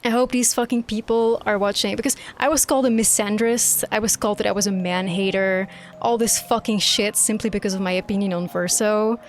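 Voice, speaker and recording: A woman's voice: mid-range voice, steady tone, fairly quick. A woman streamer reacting live to a game, ranting emphatically and swearing freely. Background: quiet game music.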